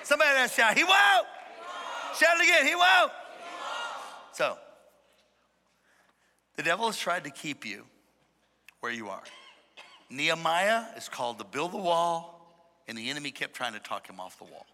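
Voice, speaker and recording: A man preaching a sermon to a congregation, emphatic and playful, calling on the crowd to shout back. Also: on the high side, big pitch swings, normal speed, pauses often, a little hiss or hum. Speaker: pastor. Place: large church hall. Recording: echoey hall reverb.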